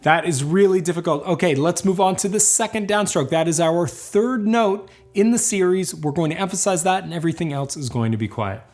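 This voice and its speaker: A man teaching a banjo lesson, explaining and encouraging in a calm, clear way. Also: high voice, a little fast, hardly any pauses, soft background music. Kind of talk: instructional lesson.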